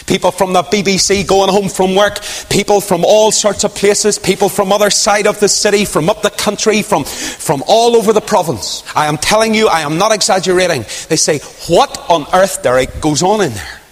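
Man, preacher, higher voice, dramatic swings from loud to hushed, long hall echo. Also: steady tone, fairly quick. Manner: dramatic, swings from loud rising questions to hushed near-whispers. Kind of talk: sermon.

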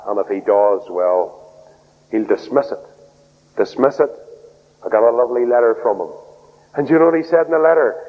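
Emphatic preacher man on tinny old radio. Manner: emphatic, swings between loud high outbursts and low soft lines. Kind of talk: sermon. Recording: tinny phone-like radio broadcast in a hall.

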